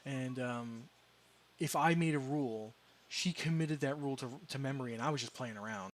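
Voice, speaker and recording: A man's voice: medium pitch, normal speed. A man casually chatting as a game streamer, rambling through a story with restarts and amused asides. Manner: rambling, self-correcting, amused.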